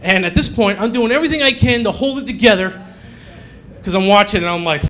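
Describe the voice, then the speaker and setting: A male stand-up comedian telling a story on a comedy club stage in an animated way, acting out the characters. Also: high voice, fairly quick.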